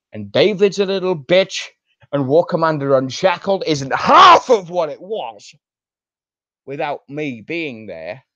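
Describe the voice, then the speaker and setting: A man rants in fury, stretching out his words slowly and letting his pitch leap wildly up and down. The sound is dull and lo-fi, dry with no room around it. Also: a bit bright, no room sound. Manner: furious, profane, drawn-out emphatic delivery. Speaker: online show personality. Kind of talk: angry ranting monologue.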